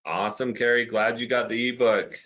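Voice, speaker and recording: A man's voice: mid-range voice, steady tone, a little fast, phone-quality sound. A man hosting a physical therapy webinar, encouraging viewers and answering their comments in a casual, upbeat way.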